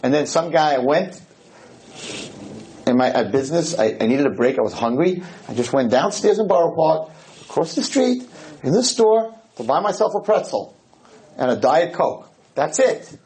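A rabbi giving a humorous storytelling lecture, animated and jokey, jumping into high voices for the people he quotes. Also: rough recording. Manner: jokey, rapid asides.

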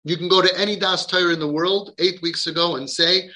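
A man with a high, piercingly sharp and forceful voice talks to parents with urgent conviction. He leans hard on key words and repeats them for stress, like a coach preaching his method. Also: steady tone, brisk. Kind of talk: impassioned podcast talk.

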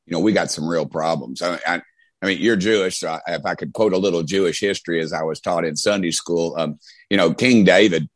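With a deep voice and a brisk delivery, recorded with no echo, a middle-aged congressman from Knoxville shares folksy tales in an East Tennessee Southern accent. The interview is casual storytelling, and he rambles with frequent restarts.

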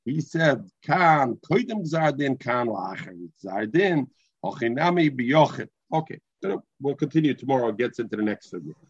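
A man's voice: medium pitch, very animated, moderate pace, husky, dry recording. A man teaching a Talmud class, mixing English with Hebrew and terms and often restarting his sentences. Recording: dull lo-fi recording.

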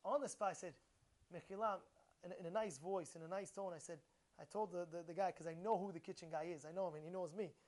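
A man teaching a short Torah lesson, emphatic and animated, firing rhetorical questions and repeating himself. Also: high voice, fast talker. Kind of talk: informal Torah talk.

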